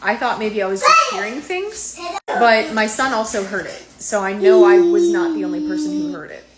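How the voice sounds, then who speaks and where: A woman in her thirties telling her own eerie experience in a casual, animated way, acting out what people said. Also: sits high, normal speed, a loud crowd. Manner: animated, retelling with quoted voices and fillers. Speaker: storyteller sharing a personal experience. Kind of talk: casual first-person storytelling.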